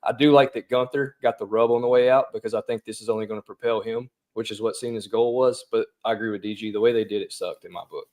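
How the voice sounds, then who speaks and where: A man's voice: on the low side, steady tone, quick pace, hardly any pauses, a little mellow. A man co-hosting a casual sports talk show, chatty and opinionated. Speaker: co-host.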